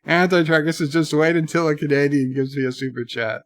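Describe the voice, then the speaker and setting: A man's voice: fairly high pitch, fairly quick, dry recording. A man hosting a livestream, reading viewer chats aloud in a chatty, mocking way. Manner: chatty, mocking, slips into joke accents. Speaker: livestream host.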